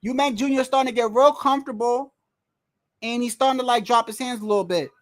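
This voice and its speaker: A livestream host giving casual, excitable fight commentary from home, full of slang, cursing and restarts. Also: medium pitch, quick pace. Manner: excitable, loud outbursts, frequent slang and cursing; rambling restarts and repeated words. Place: indoors at home, wind and street heard outside.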